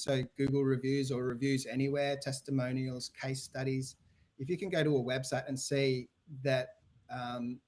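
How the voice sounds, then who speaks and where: A man's voice: mid-range voice, a little mellow. An Australian man answering podcast interview questions about websites and sales, talking in a loose way full of restarts and fillers. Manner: rambling, frequent restarts and fillers. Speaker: guest, website business owner.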